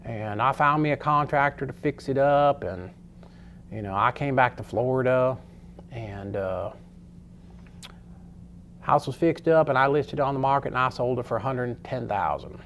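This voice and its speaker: A man recounting the words of a plain-talking old Southern man in a slow, matter-of-fact way. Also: medium pitch, animated, a bit bright, a little hiss or hum.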